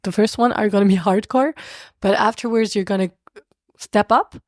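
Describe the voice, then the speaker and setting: A woman's voice: medium pitch, moderate pace, dry recording, studio quality. A woman from France with a French accent, a podcast guest talking casually and animatedly, often groping for the right word. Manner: animated, searching for words, laughs often. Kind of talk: casual conversation.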